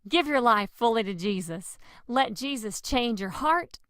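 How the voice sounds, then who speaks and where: A woman giving a lively, expressive devotional message, with sudden loud exclamations. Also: on the high side, a little slow, no room sound, clean studio sound. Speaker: preacher. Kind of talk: lively children's-style devotional teaching.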